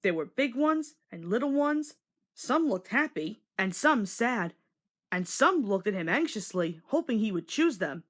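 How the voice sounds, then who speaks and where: A woman narrates a children's storybook read-along with an expressive, storytelling delivery. Her pitch moves up and down a lot, keeping the read-along lively. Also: a little slow.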